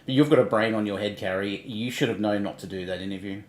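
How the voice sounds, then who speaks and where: A man's voice: on the low side, fast, darkish tone, echoey room, a little hiss or hum. A man hosting a livestream, casually ranting and mocking people in online drama, laughing between points. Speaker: livestream host.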